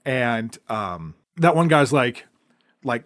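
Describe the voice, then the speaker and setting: A man's voice: medium pitch, lively intonation, a little fast. Rambling male podcast co-host. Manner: rambling, trails off into quiet asides. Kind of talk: casual film discussion.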